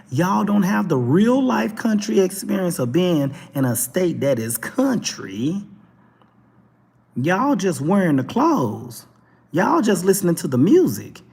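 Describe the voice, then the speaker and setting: Husky Texan man ranting in a reverberant room. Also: high-pitched, slow. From Texas. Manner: animated, preachy, mocking. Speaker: talk show host. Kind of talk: opinionated monologue.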